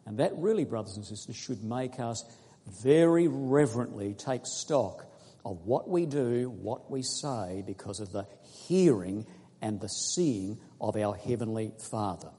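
A man preaching a sermon in a large hall, his voice mellow and a little husky. He reads scripture slowly and earnestly and stops to quiz his congregation. A long reverb hangs behind every phrase. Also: lowish voice, animated. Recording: echoey hall recording.

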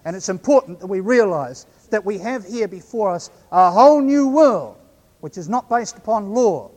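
A man with a New Zealand accent preaching a sermon, measured, slowing right down to stress key phrases. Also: sits high, lively intonation, darkish tone, in a large hall. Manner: measured, slows right down for emphasis.

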